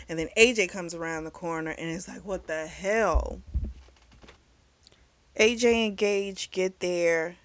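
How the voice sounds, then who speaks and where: A young woman, speaking with a fairly low, fairly bright voice, casually retells a book's plot as a book reviewer. Her recap is chatty and packed with fillers, and she swears freely.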